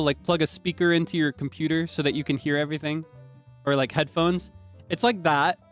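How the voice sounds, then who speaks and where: Rambling young man chatting on stream. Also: fairly high pitch. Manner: rambling, explains with many fillers and restarts. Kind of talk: casual chat stream.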